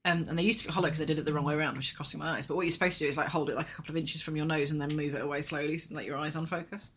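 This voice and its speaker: A woman's voice: deep voice, fairly even intonation, very fast, a bit bright, a little hiss or hum. Chatty woman with a Yorkshire twang. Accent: light Yorkshire. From England, Yorkshire. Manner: chatty, rambling, frequent fillers and laughs. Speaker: podcast co-host. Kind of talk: casual chat.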